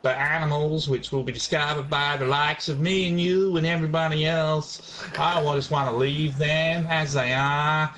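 A man's voice: a little high, level tone, normal speed, fairly bright tone, natural voice, poor audio. A man voicing a cheesy American gamer in a put-on American accent, drawling and self-mocking.

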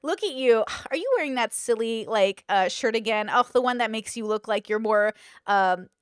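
A woman plays a catty friend with a sweet, gushing manner, pitched a little high and loud. Every compliment hides a jab. The sound is dry and close. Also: animated, brisk, dry recording, lightly acted. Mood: sugary catty. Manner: gushing, sugary put-downs.

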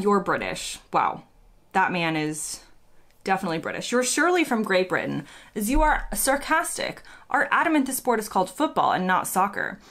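An American woman, a vlogger, chatting casually and playfully as she reads quiz questions aloud and thinks out loud. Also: fairly low pitch. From United States.

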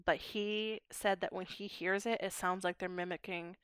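A woman's voice: fairly low pitch, steady tone, moderate pace, fairly bright tone, clean tone, no echo, studio quality. A young woman from Pittsburgh, a linguistics PhD student explaining her research in a podcast interview, articulate and academic. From Pittsburgh, USA. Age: young adult.

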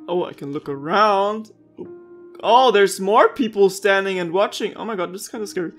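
A woman's voice: medium pitch, lively intonation, a little fast, faint music behind. A woman commenting casually while playing a video game, wondering aloud and chatting. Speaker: gaming youtuber. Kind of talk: casual let's-play commentary.

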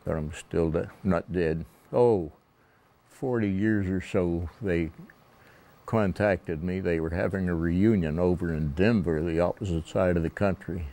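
A man's voice: sits low, a little slow, mellow. A man in his nineties, a war veteran telling his story in an oral-history interview, plainspoken and wry. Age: 90s.

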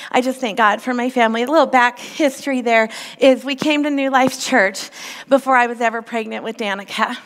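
A woman in her forties, a youth pastor, giving a playful, personal sermon at a church women's event. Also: high voice. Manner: lively, playful, personal storytelling. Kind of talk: sermon with comedic opening skit. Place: church sanctuary. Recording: long reverb in a church hall.

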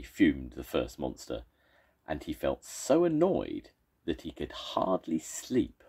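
A grandfather reads a children's story aloud, his very deep voice moving slowly and with great rise and fall. The tone is mellow and soft, with a husky, breathy grain. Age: older. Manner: gentle, expressive storytelling.

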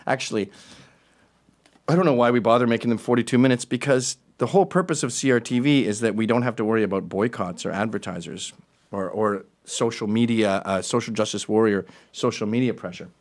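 A man's voice: lowish voice, fairly quick. A man hosting a talk show, commenting casually and sarcastically on tweets and clips. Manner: animated, sarcastic asides. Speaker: show host.

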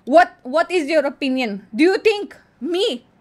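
A woman's voice: sits high, expressive, measured pace, darkish tone. A woman with an Indian accent, chatting casually on a livestream, playful and boastful as she reads quiz statements aloud and answers them. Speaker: streamer.

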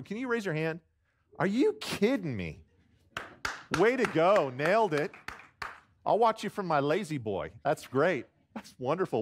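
With slight background noise, a high-pitched man preaches as a guest pastor in a church sanctuary, choked up close to tears. Warm, jokey and self-deprecating, he keeps restarting his sentences and gets the congregation calling back answers.

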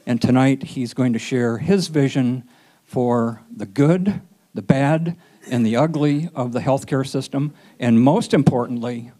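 A man's voice: mid-range voice, a little slow, dark tone. A man hosting an event, giving a formal, emphatic introduction of the speaker in a college hall.

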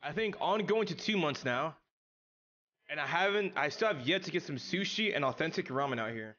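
A young man streaming a video game, chatting casually with his chat in an excitable, slangy way. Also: high-pitched, a little fast, highs cut off. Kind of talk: casual live-stream chat while gaming.

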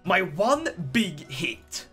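A man giving jokey, excitable gameplay commentary, breaking into sudden shouted outbursts. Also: high-pitched, extremely slow, soft background music. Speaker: gaming video creator.

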